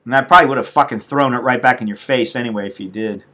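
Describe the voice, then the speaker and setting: Middle-aged man from the States, bright forceful voice, swearing freely on a live-stream rant. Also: medium pitch, fast. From United States. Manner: profane, venting, blunt. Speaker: expat vlogger.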